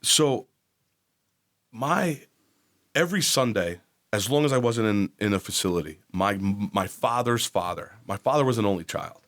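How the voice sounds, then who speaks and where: Podcast guest: a man in his forties from New Jersey, low-pitched, blunt and profane. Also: expressive, normal speed, a bit bright. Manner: blunt, profane, acts out quoted voices. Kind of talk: candid personal storytelling.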